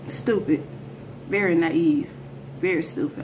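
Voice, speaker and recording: A woman talks straight to her viewers while she retells a personal story in a casual storytime vlog. Her voice sits at an ordinary middle pitch. Her delivery is loose and animated, full of slang, and a light background hiss stays under it throughout. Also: normal speed. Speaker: storyteller vlogger.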